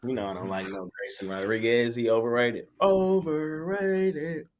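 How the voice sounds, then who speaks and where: A man's voice: on the low side, steady tone, a little fast. A man co-hosting a live sports betting show, laid-back and slangy, laughing often. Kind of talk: casual live-stream chat.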